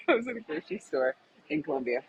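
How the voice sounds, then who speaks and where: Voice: medium pitch, a bit bright, rough recording. A co-host telling a story in casual conversation, chatty, laughing often and acting out dialogue.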